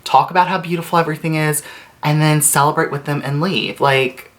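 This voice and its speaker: Deep-voiced woman in her twenties, casual storytime vlog, rambly. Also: fairly even intonation, a little fast. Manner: chatty, rambling, heavy filler words and casual swearing. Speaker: vlogger.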